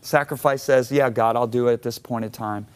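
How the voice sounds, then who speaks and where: A middle-aged man from Michigan, telling a personal story as a guest on an interview show, animated and acting out his own reactions. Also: medium pitch, a little fast, smooth. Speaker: guest author.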